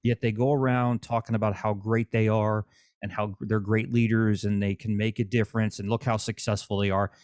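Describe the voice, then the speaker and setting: A man's voice: on the low side, level tone, a little fast, a little mellow, no room sound, studio quality. A man hosting a casual interview, speaking bluntly and preachily and swearing freely. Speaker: podcast host.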